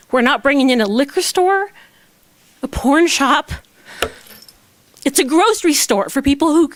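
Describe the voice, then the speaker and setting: A woman's voice: a little high, no room sound. Impassioned woman speaking at a council podium. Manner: impassioned, emphatic rhetorical questions. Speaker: public commenter. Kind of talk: public comment at council meeting. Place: town council chamber.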